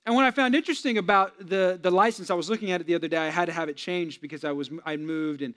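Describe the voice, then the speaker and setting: A young adult man, a pastor, giving a sermon in a lively, conversational way with personal stories and jokes for the congregation. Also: high voice, quick pace, clear, resonant tone.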